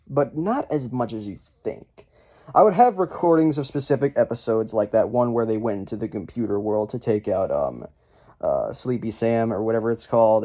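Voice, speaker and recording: A man's voice: mid-range voice, warm tone. A young man hosting a casual video, talking to camera in a rambling, chatty way, full of fillers and restarts, and joking at his own expense. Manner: jokey and self-deprecating. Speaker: YouTube list-video host.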